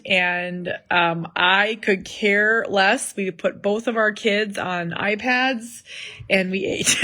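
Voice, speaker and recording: A woman's voice: medium pitch, fairly bright tone. Mom vlogger in her 30s rambling at home, lots of likes and ums, chatty family story vibe. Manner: rambling, chatty, many fillers and asides. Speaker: vlogger, mother of an autistic son. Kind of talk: casual family vlog chat. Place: home in the evening.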